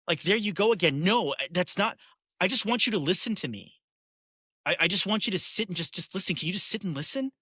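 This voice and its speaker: An exasperated woman begging to be listened to, as a man puts her on. The voice sits high and strains with insistence. It sounds close and dry, without room echo. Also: expressive, fairly quick, pushed and bright, husky, exaggerated voice. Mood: pleading exasperated. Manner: pleading, insistent. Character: exasperated woman wanting only to be heard.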